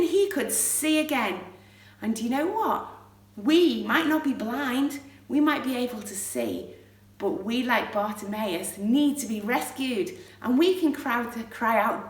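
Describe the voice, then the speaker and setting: A woman telling a Bible story to pre-school children, animated and often asking them questions, recorded from a distant mic in a roomy space. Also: on the high side, unhurried. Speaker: children's church leader.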